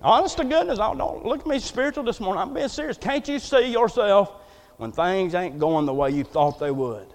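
A male pastor preaching a folksy, joking sermon that swells into loud, emphatic declarations, heard in a church. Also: high-pitched, lively intonation, brisk. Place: church sanctuary. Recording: long reverb of a church hall.

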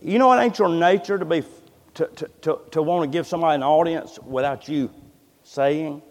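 A man's voice: a little high, normal speed. A man preaching a sermon, impassioned and folksy, often repeating words as he builds up. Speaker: pastor. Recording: long reverb of a large hall.

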